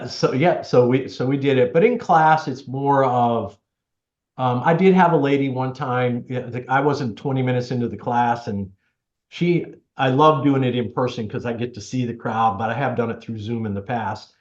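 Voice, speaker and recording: A man's voice: medium pitch, moderate pace. Chatty man telling stories in a roomy space. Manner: chatty, animated storyteller, acts out quotes. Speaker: tech helper for seniors, guest. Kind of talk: casual storytelling interview. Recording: roomy, slightly dull sound.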